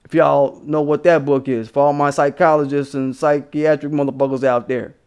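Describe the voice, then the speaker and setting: Brash high-voiced man, vlog commentator from Maryland, heated and profane. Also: flat delivery, normal speed, darkish tone, clear, resonant tone, muffled recording. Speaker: commentary vlogger. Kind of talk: ranting commentary.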